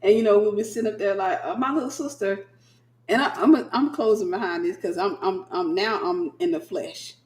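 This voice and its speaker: A woman minister hosting a casual late-night livestream, a sleepy, animated storyteller. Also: medium pitch, moderate pace, echoey room. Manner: animated storyteller who acts out quoted voices.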